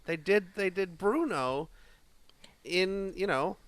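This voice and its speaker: A man co-hosting a podcast in casual chat, animated and joking, slipping into silly voices. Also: sits high, slow pace, smooth, dry recording. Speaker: podcast co-host.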